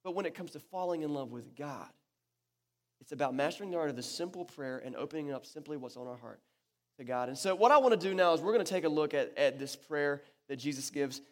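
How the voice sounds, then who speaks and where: A man's voice: on the high side, fast. A man preaching a sermon to his church, talking casually and with animation, often restarting his sentences. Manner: conversational and animated, with many restarts. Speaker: pastor. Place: church hall. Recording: echoey church hall.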